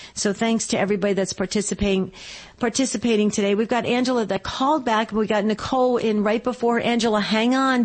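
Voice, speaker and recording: Encouraging woman radio host. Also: mid-range voice. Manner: warm encouraging, affirming. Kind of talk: call-in radio hosting.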